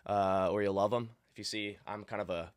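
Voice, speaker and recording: A man's voice: lowish voice, fairly quick, smooth, no echo. Dry-miked man in sports chat. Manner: animated, lots of restarts and fillers. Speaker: guest, Packers fan. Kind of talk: casual sports podcast chat.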